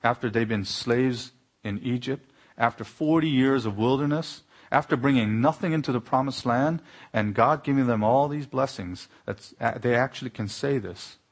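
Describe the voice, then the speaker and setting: A man preaching an earnest sermon as a pastor, building to pointed exclamations. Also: mid-range voice.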